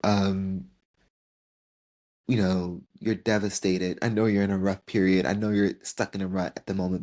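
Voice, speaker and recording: A man in his twenties, hosting a podcast, talks tearfully and sincerely about another year passing. His low, darkish voice stays fairly flat in pitch and moves at normal speed.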